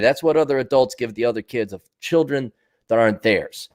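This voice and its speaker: A man's voice: medium pitch, brisk. A man hosting his own show, talking bluntly and profanely in a casual monologue and acting out the voices of people he quotes. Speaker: podcast host answering viewer comments.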